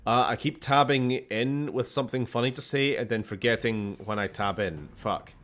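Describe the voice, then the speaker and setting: A man's voice: mid-range voice, moderate pace, fairly bright tone. A Scottish man chatting casually and playfully while streaming a game, swearing freely and cracking jokes.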